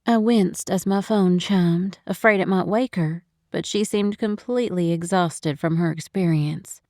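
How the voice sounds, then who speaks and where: A woman narrating a first-person romantic audiobook, expressive and measured. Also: on the low side, no echo, studio quality. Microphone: studio microphone, close.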